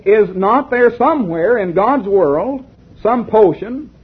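A man's voice: high voice, lively intonation, slow, husky, heavily acted. A man reading aloud as a worried father of a sick daughter, asking pleading questions. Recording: lo-fi tinny recording.

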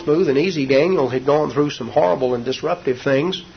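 A man's voice: on the high side, fairly quick, creaky. A male preacher telling a scripture story in a sermon, with a folksy, homely storytelling manner. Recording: dull lo-fi recording.

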